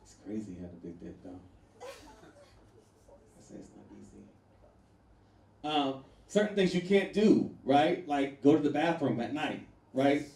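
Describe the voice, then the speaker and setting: A man performing a stand-up comedy set, loud and animated, laughing through his punchlines and jumping to sudden shrieks. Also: on the high side, unhurried, long pauses. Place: comedy venue with a live audience. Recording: echoey room from far off with faint noise.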